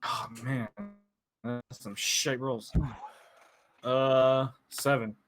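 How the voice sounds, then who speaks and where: A man's voice: medium pitch, little pitch movement, very slow, over music. A man playing in a tabletop game, talking casually and thinking aloud as he decides what his character does. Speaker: player.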